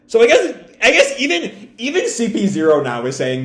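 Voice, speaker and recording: A man hosting a live comic reading reaction, chatty and animated, with asides and fillers. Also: sits high, normal speed. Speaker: host. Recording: roomy echo.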